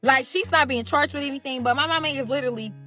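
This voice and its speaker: A woman's voice: high-pitched, fast, bright, forceful tone, soft background music. Chatty St. woman telling a story. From St. Louis, USA. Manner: chatty, profane, keeps addressing the audience as y'all. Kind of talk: casual storytime monologue.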